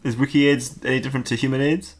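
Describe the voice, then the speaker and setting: A man listening to a comic story, reacting and chatting in a casual way. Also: very fast. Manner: lively pitch, laughs and reacts to the story. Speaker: podcast co-host. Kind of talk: casual chat.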